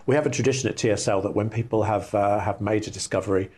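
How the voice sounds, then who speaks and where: A man's voice: lowish voice, fairly even intonation, quick pace, darkish tone, slightly rough. A man, a lab director, answering interview questions earnestly in long careful sentences. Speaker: lab executive director and scientist.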